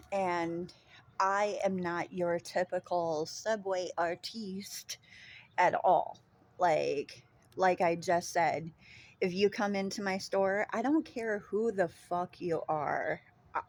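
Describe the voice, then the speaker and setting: A woman with a Minnesota accent talks casually to her vlog audience. She rambles at an unhurried pace in a fairly low voice, filling gaps with ums and dropping casual swear words. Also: gravelly, a little mellow. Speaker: vlogger. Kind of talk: casual chat.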